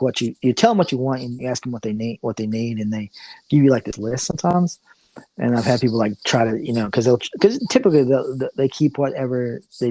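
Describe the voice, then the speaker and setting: A man's voice: medium pitch, warm tone, no room sound, low-quality recording. A man co-hosting a podcast in casual chat, rambling through a story with fillers and restarts. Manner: rambling, many fillers and restarts, mild laughs. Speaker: podcast co-host.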